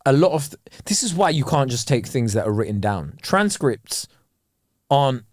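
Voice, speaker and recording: A young man co-hosting a casual podcast chat, slangy and quick to laugh. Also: medium pitch, dry recording, studio quality. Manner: animated, slangy, laughs often. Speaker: podcast co-host.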